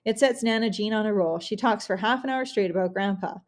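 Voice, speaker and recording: A woman narrating a novel in the first person for an audiobook. Her reading is expressive, at a middle pitch, with the odd restart. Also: brisk. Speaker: audiobook reader.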